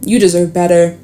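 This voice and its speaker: A woman giving a casual tarot reading, talking straight to the listener, chatty and swearing freely, animated at times. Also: lowish voice. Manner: animated, with sudden laughs and exclamations. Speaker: tarot reader.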